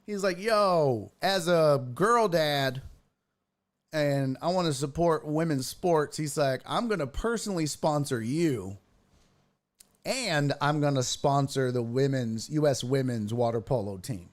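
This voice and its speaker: A man's voice: medium pitch, unhurried, darkish tone. A man hosting a sports stream, chatting casually, rambling and often breaking off mid-sentence. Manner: rambling, self-interrupting, exclaiming. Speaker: sports show host. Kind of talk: casual live-stream chat.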